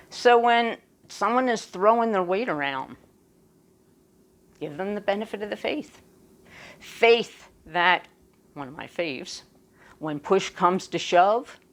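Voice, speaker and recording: A woman minister giving a sermon, speaking deliberately with emphatic pauses. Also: fairly low pitch.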